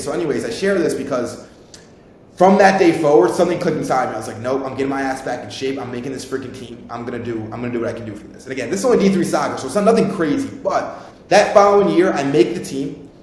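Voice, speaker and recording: A young man in his twenties, a podcast host telling a rambling, informal personal story and swearing freely. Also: darkish tone. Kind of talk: casual storytelling. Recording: very echoey room, faint rumble.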